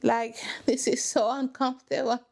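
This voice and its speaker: A woman's voice: high voice, flat delivery, moderate pace, gravelly. A woman hosting a reaction channel, giving sassy, dramatic running commentary on a reality show from her couch at home.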